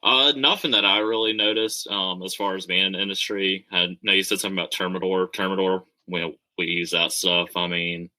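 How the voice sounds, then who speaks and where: Deep, sharp-edged joking man. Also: flat delivery, a little fast, hardly any pauses, poor audio. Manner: joking, laughs while telling stories. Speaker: podcast co-host, exterminator. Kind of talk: casual podcast chat.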